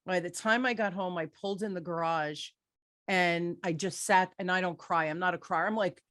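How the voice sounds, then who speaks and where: Lower-pitched woman host, dry sound. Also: normal speed, no echo. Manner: candid, energetic storyteller. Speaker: podcast host. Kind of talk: interview, storytelling.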